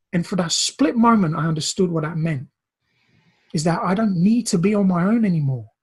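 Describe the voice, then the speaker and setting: A man's voice: fairly high pitch, husky. A Brazilian-born man in recovery coaching, telling a personal story in an earnest, emotional way, often repeating words.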